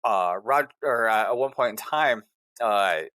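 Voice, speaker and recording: Man with a bright low voice recapping eagerly. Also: measured pace, no echo. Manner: animated play-by-play recap, acting out quotes. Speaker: podcast co-host. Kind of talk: casual podcast chat.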